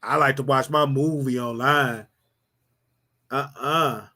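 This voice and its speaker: A man's voice: medium pitch, steady tone, slow, bright, forceful tone. A man hosting his own livestream, talking casually to viewers in a playful, rambling, teasing way. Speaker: livestream host.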